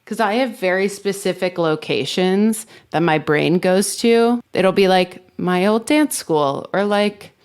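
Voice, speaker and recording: A woman's voice: medium pitch, a little slow, few pauses, darkish tone, smooth. A woman co-hosting a podcast in casual chat, talking in a chatty way with lots of filler words. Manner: chatty, heavy use of "like". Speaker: podcast co-host.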